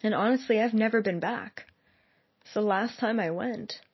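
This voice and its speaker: A young woman speaks earnestly and heartfeltly, rambling a little as she addresses her viewers. Her voice sits at an ordinary pitch for a woman. The recording is dry and slightly dull. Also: normal speed, husky, no room sound. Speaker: psychic. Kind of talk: personal monologue to viewers. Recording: slightly muffled, dry sound.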